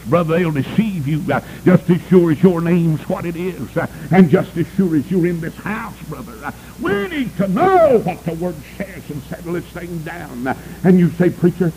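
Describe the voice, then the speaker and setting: A man's voice: warm tone, a little hiss or hum, low-quality recording. A male preacher, delivering a fiery sermon and calling out to the congregation for amens. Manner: emphatic, swooping pitch, calls for amens.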